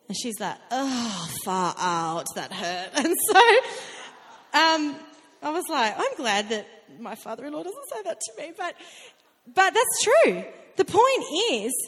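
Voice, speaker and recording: A woman preaching a sermon in a conversational, animated way, with laughing asides. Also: sits high. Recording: long reverb of a hall.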